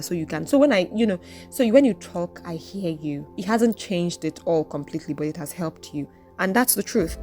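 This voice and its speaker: Outspoken woman podcaster, low-pitched voice. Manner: outspoken, expressive, preachy. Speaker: podcast host. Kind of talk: reflective solo podcast monologue.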